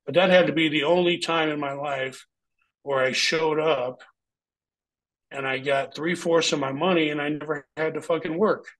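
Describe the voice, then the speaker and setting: A man's voice: a little high, fairly even intonation, moderate pace, fairly bright tone, low-quality recording. A middle-aged man, a former pro wrestler, telling a story as an interview guest in a blunt, heavily profane way.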